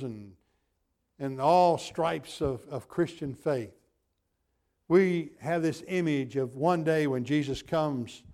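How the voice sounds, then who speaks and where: Higher-voiced preacher building emphatic repetitions. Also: male voice, mellow. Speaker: pastor. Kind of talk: sermon.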